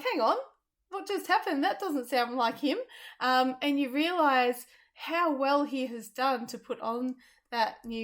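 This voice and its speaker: Woman, thoughtful and hesitant. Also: high-pitched. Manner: thoughtful, hesitant with many ums. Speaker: theatre reviewer. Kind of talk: casual review chat.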